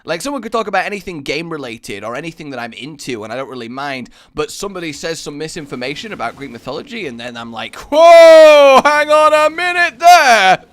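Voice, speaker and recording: A young man rambling through casual gameplay commentary, self-mocking and breaking into loud laughing shouts. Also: a little high, lively intonation, quick pace, few pauses. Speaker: gaming YouTuber.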